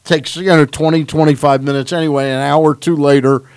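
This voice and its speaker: A man's voice: a little high, steady tone, brisk, a little mellow, clear, resonant tone, dry recording. A man hosting sports talk radio from a studio, a chatty storyteller who laughs along as he talks. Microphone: studio mic.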